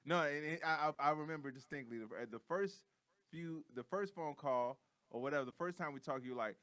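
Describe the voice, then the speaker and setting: A man co-hosting a comedy podcast, talking in a heated, profane, animated rant. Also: fairly high pitch, fairly quick, clear, resonant tone, dry recording. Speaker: podcast co-host. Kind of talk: casual comedic chat.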